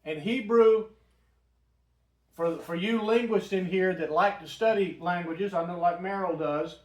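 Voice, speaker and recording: A man's voice: sits high, unhurried. A man teaching a Bible study in a church room, talking conversationally and putting questions to the group. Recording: roomy, from a distant mic.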